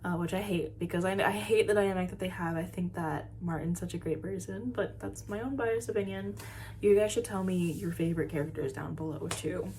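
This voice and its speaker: A woman with a lowish, warm voice talks through a story recap in a loose, chatty way. She swears freely and fills her sentences with "um" and "like", as if chatting to friends. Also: a little fast, slight background noise. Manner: chatty, swears often, many fillers. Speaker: podcast reviewer. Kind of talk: casual episode recap.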